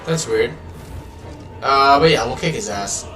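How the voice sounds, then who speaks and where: A man's voice: medium pitch, expressive, measured pace, a bit bright, echoey room, distant mic. A man live-streaming a game, chatting casually and rambling, swearing freely as he plays. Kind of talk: casual live gameplay chat. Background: game music.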